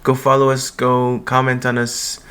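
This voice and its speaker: A man co-hosting a casual podcast, animated and quick to swear and laugh. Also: mid-range voice, clear, resonant tone. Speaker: podcast co-host. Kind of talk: casual chat.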